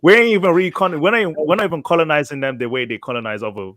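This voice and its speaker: A man's voice: on the high side, racing, a bit bright, no room sound, clean studio sound. A man co-hosting a podcast, talking casually and thinking aloud with restarts and fillers. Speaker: podcast co-host. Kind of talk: casual group chat.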